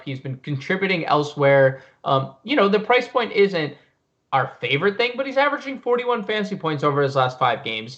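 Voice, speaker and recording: A man talking fantasy basketball picks in a casual live-stream chat, filling pauses with ums and you-knows. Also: on the high side, fairly bright tone, dull audio. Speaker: fantasy sports analyst.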